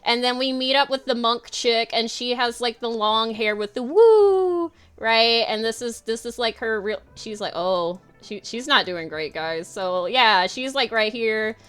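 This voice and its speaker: A woman's voice: a little high, a little slow, few pauses, fairly bright tone, clean tone. A woman streamer giving a rambling, giggly, casual commentary as she draws, swearing freely. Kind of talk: casual livestream commentary while drawing.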